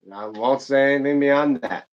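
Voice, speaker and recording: Rambling streamer from Michigan. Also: male voice, mid-range voice, normal speed, highs cut off. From Michigan, United States. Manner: rambling, chatty, many fillers and restarts. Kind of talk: casual live-stream chat while gaming.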